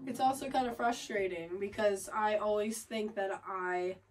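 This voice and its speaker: A woman's voice: medium pitch, normal speed, far from the mic, rough recording. A woman co-hosting a podcast, telling stories in a giggly, chatty way. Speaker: podcast co-host. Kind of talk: casual couple chat.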